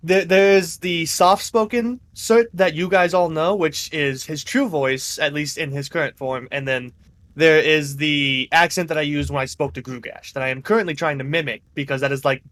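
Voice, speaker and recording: A man at a tabletop game explains his moves in a rambling, self-correcting way. His voice sits a little high. He talks casually to the table. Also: steady tone, normal speed, a bit bright. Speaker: player.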